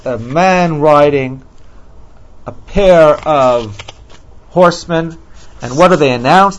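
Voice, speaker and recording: Man teaching a scripture lecture. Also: fairly high pitch. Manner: measured, reads Hebrew verses then translates, many ums. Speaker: Bible teacher.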